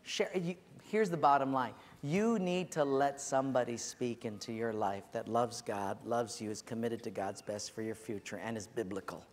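A man's voice: medium pitch, fairly even intonation, moderate pace, few pauses. A male pastor giving an earnest, conversational sermon in a large church hall.

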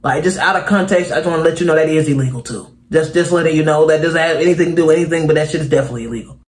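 A man's voice: on the high side, racing, slight background noise. A young man hosting a reaction video, talking animatedly and sounding exasperated, throwing "bro" into nearly every line from a home mic setup. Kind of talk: casual reaction commentary.

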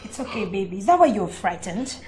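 An actress with a Nigerian accent playing a stern, quick-tempered young wife who speaks in a firm, cutting way. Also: female voice, medium pitch, sing-song, noisy background, close to an everyday voice. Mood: soothing. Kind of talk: film drama acting. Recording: film audio with faint music.

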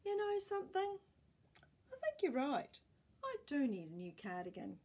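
A woman's voice: high voice, huge pitch swings, normal speed, a little mellow, pitched above the performer's own voice. A woman reading aloud, voicing an old grandfather in a storybook who defends his worn cardigan. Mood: agreeable. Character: old grandpa, stubborn then agreeable.

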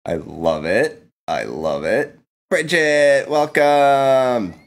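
A man's voice: mid-range voice, lively intonation, drawn-out words. A man streaming a video game live, playful and exclaiming, laughing often and thanking his chat. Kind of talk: live gameplay commentary.

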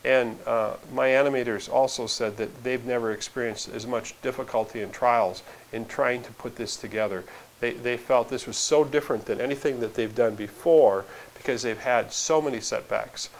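A man's voice: medium pitch, fairly even intonation, moderate pace, a little hiss or hum. A man speaking as a documentary filmmaker in an interview, earnest and reflective, often restarting his sentences. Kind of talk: casual conversational interview.

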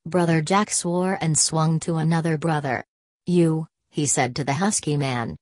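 A woman reads a novel aloud in a steady, measured way, her voice low for a woman. The sound is dry and close, with no room around it. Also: dry recording. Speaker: audiobook narrator. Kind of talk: scripted narration.

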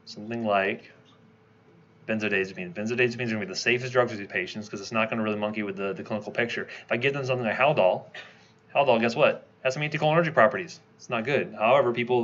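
Fast-talking man lecturing, low voice. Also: steady tone, fairly bright tone, lo-fi sound, a little hiss or hum. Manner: quick, conversational, asks the class questions. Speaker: toxicology lecturer. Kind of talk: classroom lecture.

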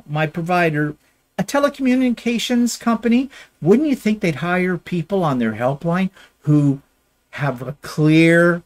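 A middle-aged man from Canada, co-hosting a casual chat and telling a long rambling story. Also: fairly high pitch. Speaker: podcast co-host.

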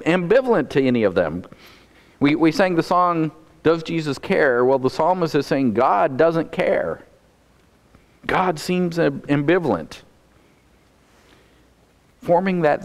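A man's voice: on the high side, in a large hall. A man preaching a sermon as pastor, earnest and often repeating a word as he starts a phrase.

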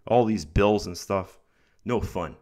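A young man with a somewhat low voice, under the weather and a bit rough in the throat. He talks in a loose, chatty vlog style and slips into pep-talk encouragement, nudging his viewers with "guys" and "right?". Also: slow pace, a little mellow. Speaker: online income vlogger. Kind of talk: casual talk to camera over screen recording.

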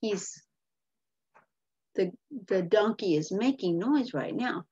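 A woman's voice: medium pitch, animated, slow pace, long pauses, dark tone, breathy edge. A woman teacher reading a picture book aloud to children, patiently explaining and asking questions, on a muffled lo-fi recording.

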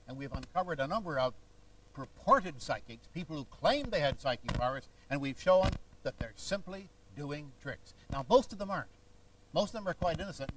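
A man lectures an audience like a showman, with theatrical storytelling. His voice sits a little high. The mic is some distance away in the hall. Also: noisy background. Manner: lively, theatrical storytelling with impressions. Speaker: lecturer and stage conjurer. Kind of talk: public lecture.

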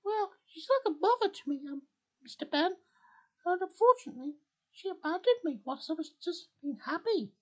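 A man's voice: very high-pitched, lively intonation, normal speed, voice pushed up. A man voicing a sad, crying female gem girl, speaking in a tearful, whiny way.

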